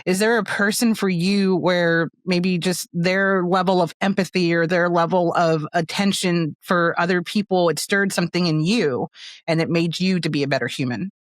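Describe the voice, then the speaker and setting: Measured woman hosting an interview. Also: lowish voice, fairly even intonation, no room sound, studio quality. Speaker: podcast host. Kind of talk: interview questions.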